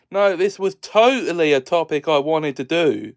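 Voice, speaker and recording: A man's voice: a little high, animated, normal speed, hardly any pauses. A man hosting a casual solo video, jokey and sarcastic, laughing often between lines. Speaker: video host.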